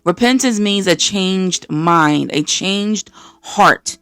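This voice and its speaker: An American woman from the East Coast hosting a podcast, giving an energetic, preachy faith-based motivational talk and acting out voices of the people she quotes. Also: medium pitch, takes it slowly, smooth, dry recording. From East Coast of the United States. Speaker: podcast host.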